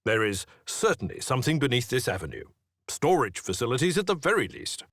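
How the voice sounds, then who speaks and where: A man's voice: mid-range voice, big pitch swings, a little fast, fairly bright tone, no echo. An actor playing a proper male officer, formal and dry, slightly exasperated. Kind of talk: video game voice acting.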